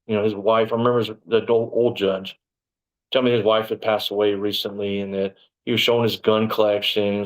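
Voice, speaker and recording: Rambling man, lowish voice. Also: poor audio. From Texas. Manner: rambling, digressive, many "you know" fillers and repeats. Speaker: interviewee, former police officer. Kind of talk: casual storytelling interview.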